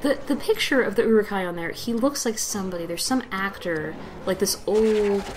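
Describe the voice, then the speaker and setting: A woman's voice: mid-range voice, moderate pace, a little hiss or hum, poor audio. A young woman giving casual gameplay commentary, rambling with lots of fillers and giggles. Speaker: let's play host.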